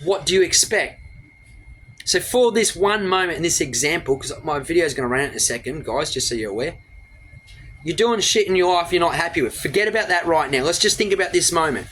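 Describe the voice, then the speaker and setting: A man's voice: a little high, lively intonation, fairly bright tone, a little hiss or hum. A man giving a blunt, profane motivational rant straight into his phone camera. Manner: blunt, profane, rapid-fire lecturing. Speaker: motivational vlogger.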